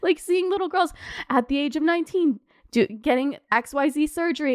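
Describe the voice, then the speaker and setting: A woman's voice: sits high, expressive, a little fast, no echo, clean studio sound. A young woman in her twenties hosting a podcast, ranting casually with lots of fillers and swearing, getting emotional. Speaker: podcast host. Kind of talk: casual rant.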